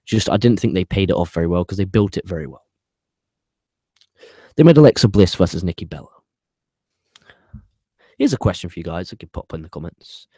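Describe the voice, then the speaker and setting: A man with a deep, low voice hosts a casual review, ranting opinionatedly and swearing as he wanders off on tangents. The recording is dry and close, with no room sound. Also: lively intonation, brisk, long pauses, warm tone, no echo. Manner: rambling with tangents and restarts. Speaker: wrestling show reviewer, host.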